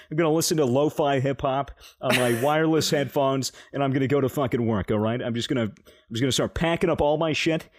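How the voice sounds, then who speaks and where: A young man casually telling a rambling, swear-filled story on a podcast, laughing as he goes. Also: mid-range voice. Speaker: podcast co-host.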